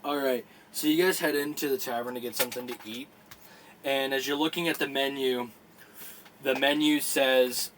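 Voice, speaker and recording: A man narrating a tabletop game as dungeon master, in a halting, casual way with many fillers. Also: mid-range voice, fairly even intonation, fairly bright tone, a little hiss or hum.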